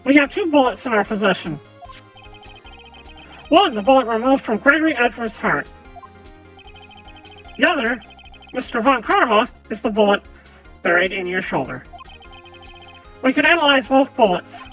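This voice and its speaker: Woman streamer, high voice, theatrical game read-through over faint music. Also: animated, moderate pace, long pauses, a bit bright. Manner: dramatic, theatrical reading. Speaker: streamer reading a visual novel aloud. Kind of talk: live-streamed game reading with character voices.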